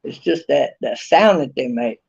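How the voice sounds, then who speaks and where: A man casually vlogging outdoors behind his house, rambling in a folksy way with drawn-out fillers. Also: a little high, lively intonation, vocal fry, a little mellow, breathy edge, lo-fi sound.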